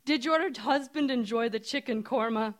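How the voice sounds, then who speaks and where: A woman's voice: fairly high pitch, moderate pace, lightly acted. A woman voicing an eager, dramatic Indian shopkeeper woman with an Indian accent. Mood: hopeful.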